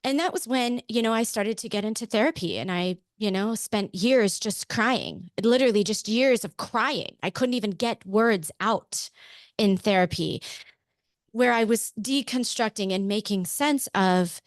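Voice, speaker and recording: A woman in her thirties from Pennsylvania, a podcast guest telling personal stories in an animated, candid way. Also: medium pitch, unhurried, no room sound, clean studio sound. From Pennsylvania, USA. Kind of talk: casual interview storytelling.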